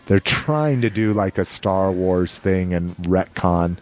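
A man hosting a podcast in casual chat, excited and joking, swearing freely. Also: low voice, slow pace. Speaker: podcast host.

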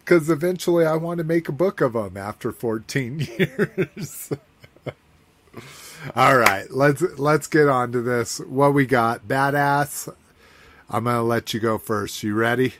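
A man hosting a podcast in casual chat, easily amused and quick to laugh. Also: mid-range voice, a bit bright, a little hiss or hum. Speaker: podcast host.

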